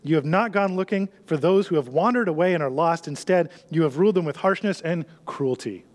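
Man, pastor, sermon, earnest, fairly high voice, soft hushed moments. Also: a little fast. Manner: earnest, drops to a soft hush on key lines.

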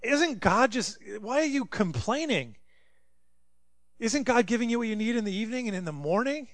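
A man's voice: extremely high pitch, very animated, moderate pace, fairly bright tone, dry recording. A man preaching a sermon as a pastor, telling a story conversationally and asking rhetorical questions.

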